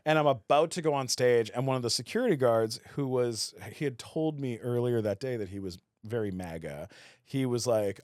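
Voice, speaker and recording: A man's voice: medium pitch, brisk, darkish tone, no room sound, clean studio sound. A man from Canada, telling stories as a guest on a podcast and acting out other people's voices as he goes. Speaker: guest, actor. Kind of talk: casual storytelling in a podcast interview.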